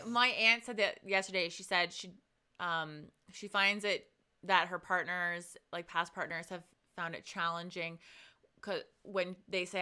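A woman co-hosting a casual podcast who muses aloud, circling back as she works through her thoughts. Her voice sits on the low side, yet it comes across bright and crisp. She speaks with a smooth, clear tone. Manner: reflective, thinks aloud with restarts. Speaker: podcast co-host. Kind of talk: casual chat.

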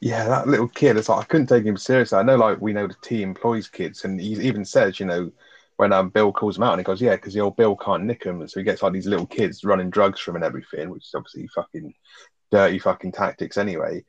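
Fast-talking low-voiced man. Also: fairly even intonation, husky, dull audio. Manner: swears freely, enthusiastic retelling. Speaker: podcast co-host. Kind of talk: casual film review chat.

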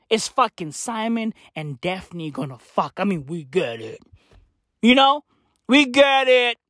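A woman delivering a profane comedic rant, full of slang, dropping to low mutters and then jumping to high shouted outbursts. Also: no room sound, clean studio sound. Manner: heavy slang fillers. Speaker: comic ranter.

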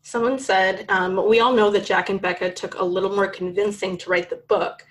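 A woman's voice: medium pitch, steady tone, a little fast, poor audio. A woman hosting a podcast in casual chat, agreeing readily and reading out listener questions. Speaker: podcast interviewer.

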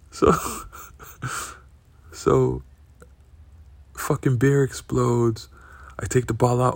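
A man's voice: medium pitch, level tone, extremely slow, gravelly, long pauses, no room sound. A man telling a casual, profanity-heavy anecdote, often tagging lines with "right?" and laughing between them. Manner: profane, keeps asking "right?".

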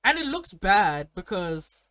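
A man's voice: high voice, very animated, slow pace, pushed and bright, no echo. A young man from India telling stories in casual profane chat, laughing often. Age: young adult.

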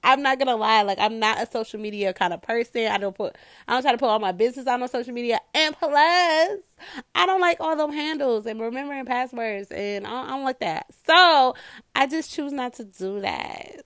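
A woman's voice: on the high side, expressive, a little fast, a bit bright, no room sound, clean studio sound. A woman hosting her own podcast, chatting casually and swearing freely as she talks straight to her listeners. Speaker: podcast host. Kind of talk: casual solo podcast chat.

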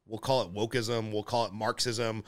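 A man's voice: lowish voice, little pitch movement, moderate pace. A man hosting a casual interview, talking in an earnest, emphatic way. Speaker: podcast host.

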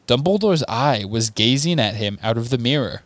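A man's voice: mid-range voice, normal speed, no room sound. Man reading a book aloud, dry sound. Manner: steady narration with offhand asides. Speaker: podcast co-host reading a novel aloud. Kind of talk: casual read-aloud of a book.

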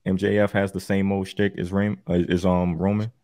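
A laid-back man with a low voice co-hosts a casual podcast, steering the conversation and laughing easily between his picks. His talk is loose and salty, and the sound is dry and close. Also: flat delivery, a little fast, a little mellow, no room sound. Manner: laid-back, laughs often, swears freely. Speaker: podcast co-host running the bracket. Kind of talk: casual chat.

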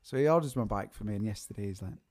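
A man's voice: on the low side, lively intonation, rapid-fire, a little mellow. A man co-hosting a live music show, chatting casually and laughing his way through a rambling story. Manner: rambling, repeats words as he restarts.

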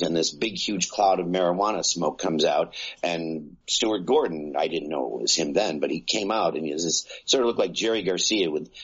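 Older guy in his 60s rambling through a story, low husky voice, dull lo-fi sound. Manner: rambling, many fillers, acts out quoted voices. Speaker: actor interviewee. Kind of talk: casual anecdotal storytelling.

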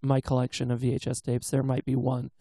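Gravelly-voiced man telling a story. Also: mid-range voice, completely flat delivery, fairly quick, warm tone, no echo. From US West Coast. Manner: rambling storyteller, imitates voices. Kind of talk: casual chat.

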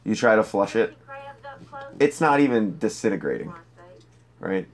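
A man's voice: fairly low pitch, very animated, normal speed. A man co-hosting a podcast, joking crudely and firing off questions in casual chat. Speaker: podcast co-host.

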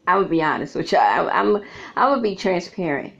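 A woman's voice: on the low side, very animated, fairly quick, creaky. A middle-aged woman, a vlogger and author, talking frankly and casually to her viewers and laughing often as she tells her stories. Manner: frank, chatty storyteller who laughs often. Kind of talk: candid casual monologue to viewers. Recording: slightly dull lo-fi audio.

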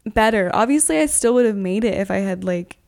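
A woman's voice: medium pitch, animated, fairly quick, vocal fry, darkish tone. A young woman chatting as a podcast guest, telling travel stories in an upbeat way, with lots of "like". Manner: chatty, upbeat, heavy use of "like". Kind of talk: casual podcast storytelling.

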